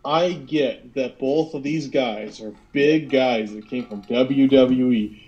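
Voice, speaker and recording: A man co-hosting a casual wrestling talk show over an online call, measured and agreeable, reasoning his points aloud. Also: medium pitch, darkish tone, lo-fi sound. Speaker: podcast co-host.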